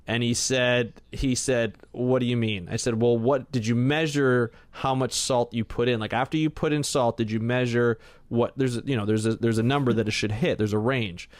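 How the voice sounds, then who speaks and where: A man's voice: mid-range voice, dry recording. A man, a marine biologist guest, casually telling a story on a podcast and acting out the people in it. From Canada. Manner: animated storyteller, acts out quotes.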